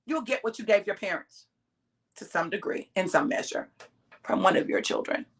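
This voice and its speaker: In a mid-range voice at a moderate pace, a middle-aged woman delivers an emphatic, direct exhortation in the manner of a sermon. Words she stresses are pulled long as she addresses her listeners.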